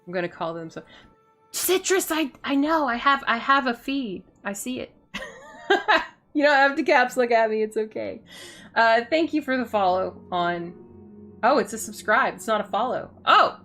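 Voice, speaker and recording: A playful woman chats with her viewers as she streams a game, silly and quick to giggle. Her voice is bright and fairly high, and it jumps lively up and down. Soft game music plays behind her. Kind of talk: casual gaming stream chat.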